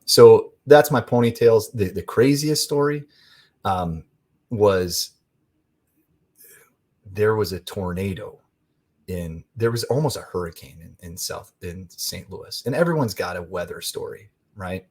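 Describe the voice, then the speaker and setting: Guy on a podcast, lowish husky voice, excitable rambling storyteller, lots of restarts. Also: unhurried. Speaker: podcast guest. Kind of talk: casual storytelling.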